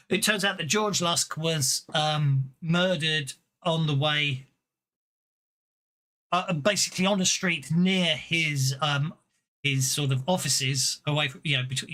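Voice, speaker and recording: A man's voice: on the high side, bright, forceful tone. A man running a tabletop game as game master, hesitant, with many fillers and restarts.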